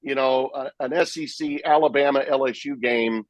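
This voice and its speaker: A man, a sports broadcaster, telling lively stories about calling games in a podcast interview. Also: medium pitch, normal speed, no room sound, dull audio. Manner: animated, vivid storyteller who acts out his own play calls. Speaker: sportscaster guest.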